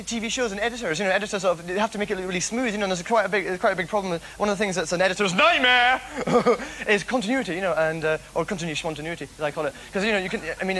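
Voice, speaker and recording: A man's voice: sits high, sharp tone. A man telling a rambling comic story on a TV show, giggly and manic, full of restarts. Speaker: comedian host.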